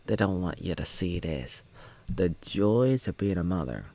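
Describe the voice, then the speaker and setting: A man's voice: deep voice, big pitch swings, moderate pace, vocal fry, dark tone, no echo. A man in his thirties from the United States, rambling and joking as he comments on a film, sometimes mimicking its characters or humming little tunes. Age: 30s. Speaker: video maker.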